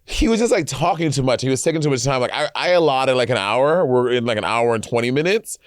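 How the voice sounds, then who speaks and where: A man's voice: medium pitch, lively intonation, fast talker, dry recording, studio quality. Man telling stories with stammering restarts. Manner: storytelling with laughs and stammered restarts. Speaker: podcast co-host. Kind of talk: casual chat.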